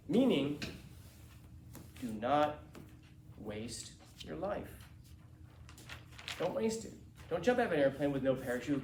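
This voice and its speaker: A male teacher lectures his class in a loose, slangy way, bouncing into little acted-out quotes as he goes. His voice sits a bit high for a man. The echoey classroom carries a faint hum behind him. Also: measured pace, pauses often. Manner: animated, casual and slangy, acting out quotes.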